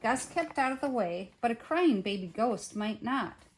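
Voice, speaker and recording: An older woman, a grandmother, reading a children's picture book aloud in an expressive way. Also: fairly high pitch, a little slow. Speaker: storyteller.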